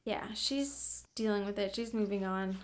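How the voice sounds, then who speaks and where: A woman's voice: mid-range voice, measured pace. A woman chatting casually about a novel with a friend, sometimes reading passages aloud. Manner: reads passages aloud, animated. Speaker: co-host. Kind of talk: casual book discussion.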